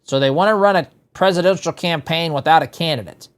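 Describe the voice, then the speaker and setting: A man's voice: a little high, fairly quick. A man hosting a political talk show, commenting in a sarcastic, exasperated way. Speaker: talk radio host.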